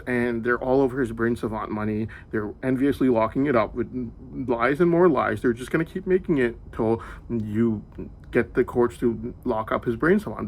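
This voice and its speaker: A young man from the United States speaks in a rambling personal monologue. His middle-pitched voice has a gravelly, creaky edge. He drifts from point to point, peppering his story with "like.". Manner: meandering storytelling, heavy use of "like".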